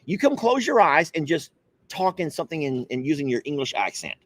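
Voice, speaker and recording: Male host, animated pitch, dry close sound, playful and quick to laugh. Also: dry recording. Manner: playful, teasing, laughs often. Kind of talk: casual chat.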